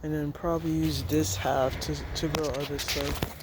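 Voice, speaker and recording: A man with a slightly high voice and flat delivery talks at a moderate pace as he films a walk through his home garden. He's a gardening vlogger, laid-back and rambling, chuckling to himself outdoors. Loud traffic and street ambience fill the background of the clip.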